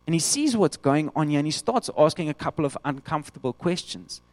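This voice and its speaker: A man preaching a sermon, animated, acting out the voices of the people he quotes. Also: a little high, a little fast, dry recording.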